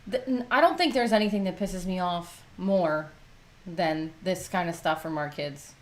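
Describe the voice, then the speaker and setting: A woman's voice: on the low side, normal speed. A middle-aged woman co-hosting a livestream, chatting candidly and often sounding exasperated about her kids. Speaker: livestream co-host. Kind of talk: casual chat.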